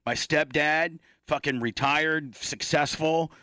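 A man's voice: fairly high pitch, slow, sharp tone, no room sound, clean studio sound. A man in his fifties co-hosting a podcast, talking in casual chat, blunt, profane and self-deprecating. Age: 50s. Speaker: podcast co-host.

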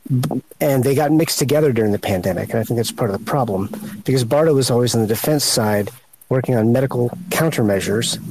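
A man speaking as a panel guest, slow and searching for words with many pauses. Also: mid-range voice, darkish tone, low-quality recording. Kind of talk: unscripted panel talk.

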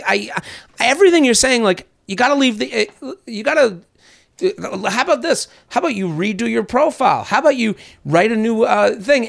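A man hosting a podcast in casual chat, an animated storyteller who swears and acts out quotes. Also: high-pitched, creaky. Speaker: podcast host.

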